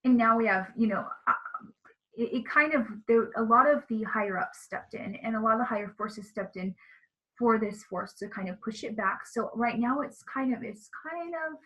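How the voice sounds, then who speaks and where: A woman with a fairly high voice speaks in a casual interview. She tells her story in an earnest, emotional way. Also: lively intonation, normal speed, fairly bright tone, lo-fi sound. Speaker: interview guest. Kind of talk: casual interview talk about spiritual experiences.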